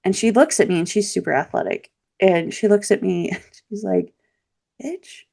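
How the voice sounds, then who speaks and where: A woman guest on a podcast interview, telling a personal story in a lively, candid way. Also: mid-range voice, fairly quick, vocal fry. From Michiana region, US Midwest. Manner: lively, animated storytelling with laughs and voiced quotes. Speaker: podcast guest, local practitioner.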